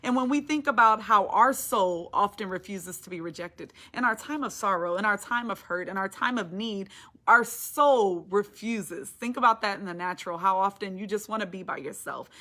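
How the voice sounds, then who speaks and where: A woman's voice: mid-range voice, a little fast, hardly any pauses, bright, forceful tone. A woman giving a devotional Bible teaching, reading scripture aloud and preaching on it with rising passion. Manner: impassioned, rising to emphatic declarations.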